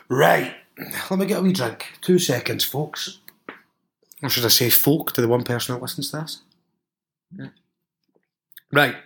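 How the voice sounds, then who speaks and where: A man with a Scottish accent, hosting a solo podcast and reading out listener stories, with frequent swearing, laughing asides and animated reactions. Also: on the high side. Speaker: podcast host.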